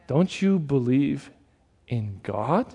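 A male preacher voicing a humble, repentant thief who speaks earnestly and quietly. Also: a little high, animated, a little slow, in a large hall. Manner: hushed, earnest.

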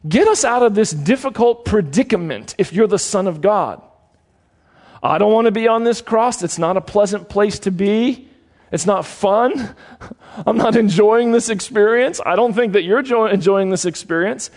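A man's voice: high voice, normal speed, darkish tone. A male preacher voicing a desperate, self-pitying thief who pleads to be saved. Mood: pleading. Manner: pleading, whiny.

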